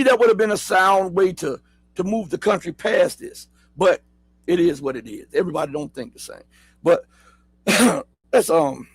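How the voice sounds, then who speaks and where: A middle-aged man with a Southern accent hosts his own talk show. His voice sits high and a little husky, and the room around it is dry. He reads an article aloud and keeps breaking off to ask his viewers questions. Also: no room sound, rough recording. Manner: talks straight to viewers, asks rhetorical questions, spells words out. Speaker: host. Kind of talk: casual commentary, reading an article aloud.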